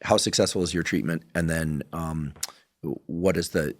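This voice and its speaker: A man with a very low-pitched voice hosts a science interview. He asks probing follow-up questions in an even, conversational way. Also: normal speed. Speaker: podcast host.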